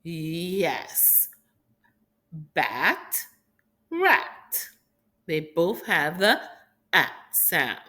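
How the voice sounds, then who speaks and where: Here a Haitian woman with a fairly low pitch and a fairly bright tone leads young children through a phonics lesson on rhyming sounds. She sings her words encouragingly, the way a teacher would.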